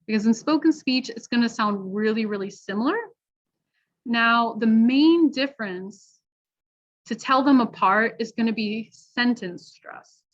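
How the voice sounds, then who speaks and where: A fairly high-voiced American woman leads an online pronunciation class. She is encouraging and explains clearly with examples. Her voice comes through a dull, lo-fi video call. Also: a little slow. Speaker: English pronunciation teacher. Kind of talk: online workshop teaching.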